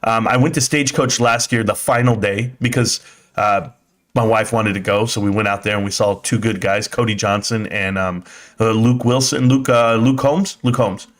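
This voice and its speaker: A man's voice: lowish voice, fairly even intonation, moderate pace. A man hosting a casual live stream, rambling and chatty as he reads viewer comments and swears now and then. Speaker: livestream host. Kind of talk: casual livestream chat, reading comments.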